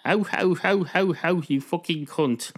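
An Irish man voicing an angry, foul-mouthed male barman who yells at a dog to get out. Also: on the high side, unhurried, pitched above the performer's own voice. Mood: furious. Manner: shouting, swearing, ordering out.

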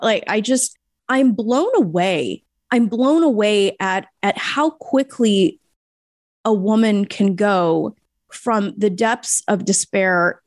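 A woman's voice: medium pitch, a little mellow, no room sound. American woman, podcast host, nasal, emphatic, effusive, dry room. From United States. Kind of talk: podcast interview.

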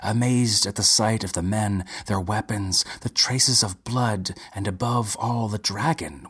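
A man reading a short story aloud in a measured, unhurried way. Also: lowish voice, bright, forceful tone, husky. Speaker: narrator.

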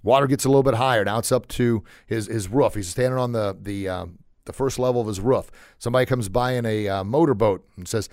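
A man's voice: medium pitch, fast, darkish tone, no room sound, clean studio sound. A middle-aged man hosting a motivational podcast, talking earnestly and repeating phrases for emphasis. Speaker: podcast host.

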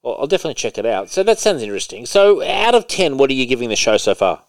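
A man's voice: medium pitch, big pitch swings, fast, dry recording. A man co-hosting a podcast, chatting casually, asking his guest questions and reading out news items. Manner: conversational, asks questions and reads out news items. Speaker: podcast co-host. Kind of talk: casual chat.

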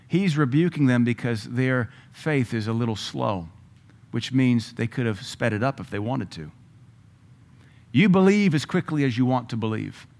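A middle-aged man preaching a sermon, emphatic, with loud bursts when he quotes scripture. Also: mid-range voice, lively intonation, moderate pace.

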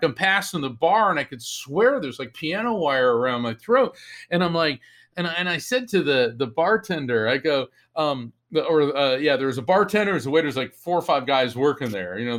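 A man tells a story as a guest on an interview show, with a lively, animated delivery. He acts out the lines of the people in it, raising his voice for each quoted line. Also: medium pitch. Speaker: psychic medium, author.

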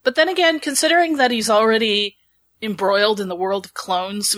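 A woman co-hosting a podcast, animated and giggly, often breaking into laughter as she talks. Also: medium pitch, moderate pace, dry recording. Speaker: podcast co-host. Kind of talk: casual podcast chat.

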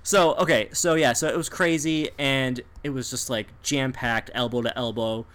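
A man with a medium-pitched voice and a moderate pace tells a story in casual chat. He's animated and full of energy, laughing often and acting out the people he quotes.

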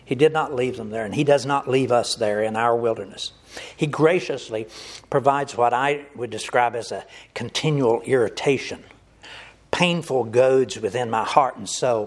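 A man delivers an earnest sermon in a husky, slightly rough voice. He speaks to his listeners directly and calls them folks. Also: medium pitch. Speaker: preacher.

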